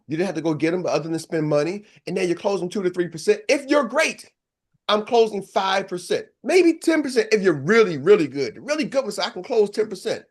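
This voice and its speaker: An older man, a business coach, leads a live seminar in a high-pitched voice, speaking in a punchy, energetic way and firing rhetorical questions at the audience.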